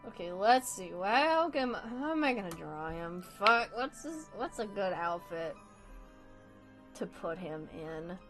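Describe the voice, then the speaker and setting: A woman's voice: medium pitch, big pitch swings, measured pace, over music, rough recording. A woman livestreaming as she draws, chatting casually with her viewers, laughing often, swearing casually and apologizing with a self-deprecating tone. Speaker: livestreamer drawing for chat.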